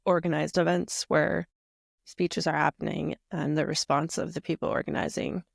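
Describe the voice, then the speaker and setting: Podcast host lady, reflective and chatty, lots of vocal fry, dry close mic. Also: deep voice, level tone, moderate pace, no room sound. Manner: reflective, lots of fillers and soft affirmations. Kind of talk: casual podcast conversation.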